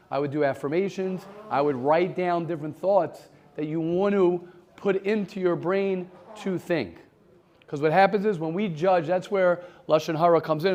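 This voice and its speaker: A rabbi teaches a class in a loose, conversational way, saying key phrases two or three times over. His voice sits a little higher than most men's, and he turns now and then to answer a student in the room. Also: a little mellow. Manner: conversational, repeats phrases, takes questions from the room. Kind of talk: informal Torah class.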